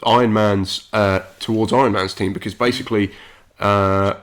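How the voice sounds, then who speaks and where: A man's voice: on the low side, fairly even intonation, normal speed, fairly bright tone. A man co-hosting a film review chat, rambling and often restarting to correct names. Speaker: film review podcast co-host.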